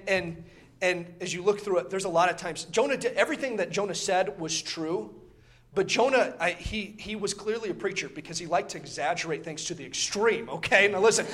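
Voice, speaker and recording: Impassioned high-voiced male preacher. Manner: impassioned, swells loud then drops low, repeats words; reads scripture in old-style wording. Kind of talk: sermon.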